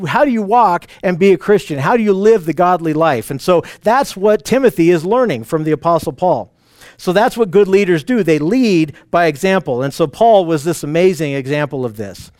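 A man's voice: sits high, darkish tone, dry recording, clean studio sound. A man teaching a Bible passage in an earnest, enthusiastic way, often restarting his sentences.

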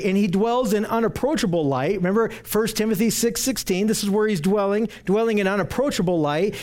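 A man teaching through Bible passages verse by verse, earnest and emphatic, repeating phrases for stress and reading scripture aloud slowly. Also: sits high, darkish tone.

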